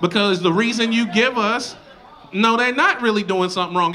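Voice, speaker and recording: High-voiced man doing loud stand-up. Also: normal speed, heavy background noise. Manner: loud, animated, swings into mocking voices. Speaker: stand-up comedian. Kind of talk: stand-up comedy set. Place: comedy club stage with live audience. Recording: live club recording, crowd laughter. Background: crowd laughter.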